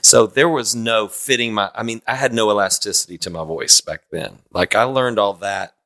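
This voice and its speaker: A man in his fifties with a bright, forceful tone that sits a little low. He tells long, rambling stories with quick asides, chatting casually as a podcast guest. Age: 50s. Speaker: podcast guest, worship singer. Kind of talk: casual conversation.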